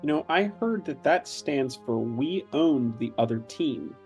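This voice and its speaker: A man voicing a gentle, hesitant male HR agent who talks in a soothing, stammering way. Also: high-pitched, big pitch swings, unhurried, faint music behind.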